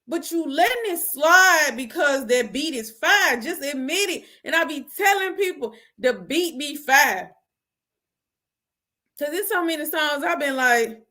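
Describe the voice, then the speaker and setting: A young woman hosting her own show, giving casual opinions on music in an animated, slangy way. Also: sits high, unhurried. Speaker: host.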